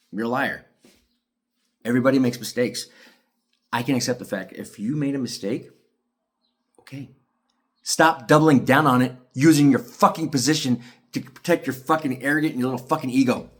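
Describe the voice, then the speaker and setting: A frustrated man from ranting to camera in a heated, profane monologue, swinging between shouting and tired muttering. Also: mid-range voice. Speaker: parent speaking out about a custody case. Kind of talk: angry ranting video monologue.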